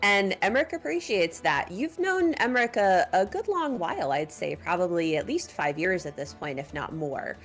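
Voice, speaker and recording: A woman running a tabletop game as game master, with measured storytelling narration. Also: fairly low pitch, big pitch swings, a bit bright.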